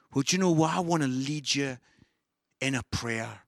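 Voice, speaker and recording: A man preaching an online sermon, animated and enthusiastic, shouting some lines and growing soft and low at others. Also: moderate pace, vocal fry, dry recording, clean studio sound. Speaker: pastor.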